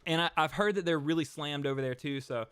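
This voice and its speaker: A man's voice: a little high, fast, a bit bright, clean tone, dry recording. A young man hosting a casual livestream, chatting and rambling to his viewers. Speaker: host.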